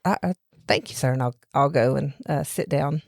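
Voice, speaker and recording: A woman voicing a polite, cautious male kobold traveler with a slow Southern drawl and hesitant manner. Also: very deep voice, creaky, a little mellow, dry recording, clean studio sound, heavily acted. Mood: curious. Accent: Southern US, put on.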